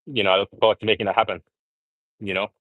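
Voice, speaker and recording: A young man with a fairly low voice talks casually and earnestly to his live viewers between sets at the gym. His delivery rambles and he speaks straight to the audience. The sound is close and dry, with little room echo. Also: flat delivery, rapid-fire, narrow, tinny audio. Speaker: vlogger livestreaming from the gym. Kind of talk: casual live-stream chat.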